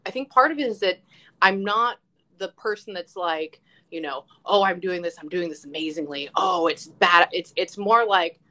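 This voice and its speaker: A woman who works as a psychic medium, telling stories in casual live-stream chat, animated, swearing freely and acting out quotes. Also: lowish voice, moderate pace, rough recording.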